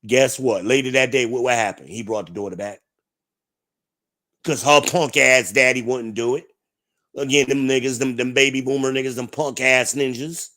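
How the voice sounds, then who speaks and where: A man's voice: medium pitch, steady tone, normal speed, bright, forceful tone. A man from New Jersey hosting a livestream, ranting to his chat in a blunt, profane, combative way. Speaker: livestream host. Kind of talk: ranting live-chat commentary.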